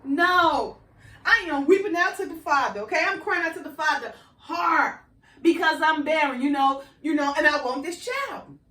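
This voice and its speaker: A desperate woman insists she is crying out in prayer, pleading and insistent, voiced by a woman telling the story. The voice sits high and echoes around a bare room, heard from a short distance. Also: moderate pace, bright, forceful tone. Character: desperate, pleading ancient woman praying for a child. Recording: echoey room, voice set back from the mic.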